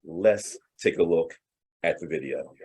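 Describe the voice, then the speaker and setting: Male talk host, husky voice, halting, repeats himself while framing questions. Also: deep voice, darkish tone. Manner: halting, repeats phrases when starting questions. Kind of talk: interview chat.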